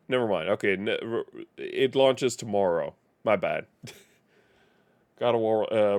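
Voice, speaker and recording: Rambling man streamer, smooth voice. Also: lowish voice, no echo. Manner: rambling, self-correcting, chuckling. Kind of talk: casual live-stream chat. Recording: faint music behind.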